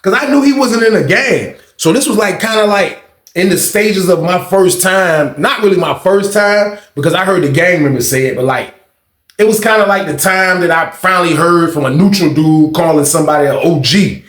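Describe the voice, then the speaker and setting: A man's voice: high-pitched, normal speed, a bit bright. A man telling a story in a loose, slangy way, often adding "you know what I mean". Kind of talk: casual storytime narration. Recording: roomy echo.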